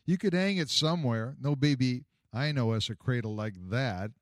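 A man voicing Mary, a gentle young mother speaking tenderly in a storybook reading. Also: medium pitch, moderate pace, no room sound, studio quality, lightly acted.

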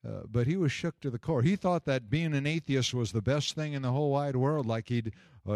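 An older man tells a personal story in a medium-pitched voice and hammers his points home by repeating them. His voice jumps up high when he gets emphatic. The sound is dry and close, with no room echo. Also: fairly quick, darkish tone. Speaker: pastor and jail chaplain.

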